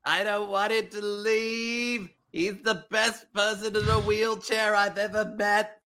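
A man's voice: high voice, level tone, slow, heavily acted. A man voicing Louise, a distraught, melodramatic wife in an improvised role-play game. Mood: distressed. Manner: melodramatic, pleading then shouting.

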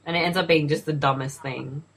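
A woman's voice: low-pitched, fairly even intonation, fairly quick, a crowd in the background, low-quality recording. An Australian woman chatting casually and swearing freely while commenting on a movie with a friend. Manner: swearing, laughing, filler-heavy chat. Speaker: co-host.

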